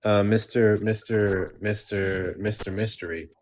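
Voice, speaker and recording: A man's voice: on the low side, steady tone, measured pace, darkish tone, a little hiss or hum. A man co-hosting a livestream, talking in laid-back slang and swearing freely. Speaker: livestream co-host. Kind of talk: casual livestream chat.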